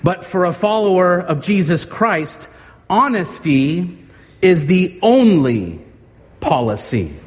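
A man preaching a sermon to his congregation, measured and emphatic, with homey humor and deliberate pauses. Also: high-pitched, very animated. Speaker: pastor. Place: church sanctuary. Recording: long hall reverb.

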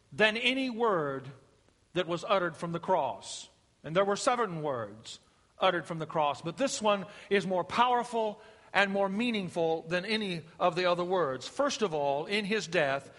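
A middle-aged man delivers a sermon in a high, ringing voice. He preaches with emphatic rises that sink to hushed, drawn-out lines. His voice carries a long reverb. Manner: emphatic preaching, rising and dropping to a hush. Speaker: pastor.

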